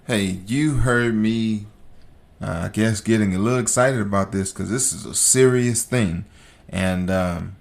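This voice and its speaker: A man hosting a podcast, shifting between emphatic, repetitive commentary and relaxed, chatty sponsor reads. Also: lowish voice, a little slow, vocal fry. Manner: fired up and emphatic, preacher-like repetition; calm and conversational in sponsor reads. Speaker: podcast host.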